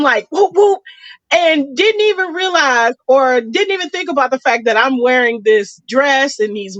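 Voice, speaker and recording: Animated high-voiced woman telling a story. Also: dry recording, dull audio. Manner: animated, acts out quotes with big pitch jumps. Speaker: podcast co-host. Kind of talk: casual storytelling chat.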